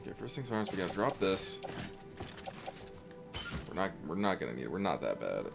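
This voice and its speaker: A man streaming a game and chatting casually, rambling and swearing with sudden excited outbursts. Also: low-pitched, fairly quick, vocal fry. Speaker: let's play streamer. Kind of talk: casual gameplay chat. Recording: game music underneath.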